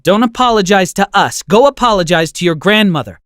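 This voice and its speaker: A man voicing a shocked, disappointed mother in an animated story, speaking in a reproachful, disbelieving way. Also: sits high, a little fast, no room sound, studio quality, pitched above the performer's own voice.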